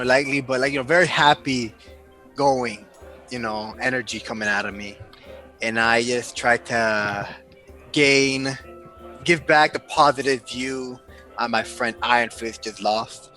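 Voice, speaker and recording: A man's voice: medium pitch, unhurried, sharp tone, soft background music. A man playing a bard in a tabletop game, eager and chatty. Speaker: player. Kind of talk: casual game play.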